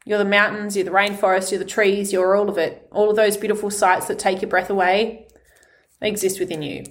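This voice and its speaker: A woman podcast host with a mid-range voice delivers a passionate motivational monologue, heartfelt and vulnerable, packed with emphatic swearing. Her delivery is flat and brisk.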